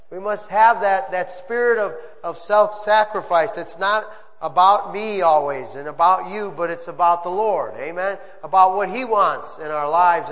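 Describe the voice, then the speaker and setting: Pastor, male, high voice, earnest preaching with amens; dull lo-fi audio, long reverb. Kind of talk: sermon. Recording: muffled sound with long reverb.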